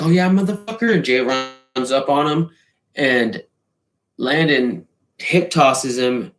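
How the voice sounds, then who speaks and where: A man telling a wild party story in a casual, profane, animated way, swearing freely and acting out the hits with sound effects. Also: medium pitch, slight background noise. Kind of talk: casual anecdote. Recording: roomy echo.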